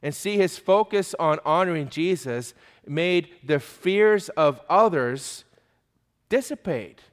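A man's voice: on the high side, expressive, takes it slowly. A male preacher giving an emphatic sermon, pressing his listeners with pointed questions. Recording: long hall reverb.

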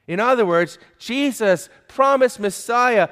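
A man's voice: sits high, animated, measured pace, few pauses, a bit bright, smooth. A male preacher giving an emphatic sermon, pressing his listeners with pointed questions. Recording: long hall reverb.

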